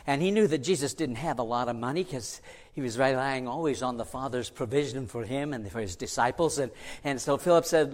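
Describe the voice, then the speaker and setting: A man preaching, telling a story in an animated, dramatic way. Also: mid-range voice, a little fast. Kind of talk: sermon storytelling. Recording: long hall reverb.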